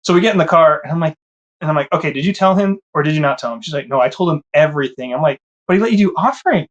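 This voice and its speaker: Animated man telling his own story. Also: racing, lo-fi sound. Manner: animated, acts out his own past thoughts with rises in pitch. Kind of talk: casual storytelling.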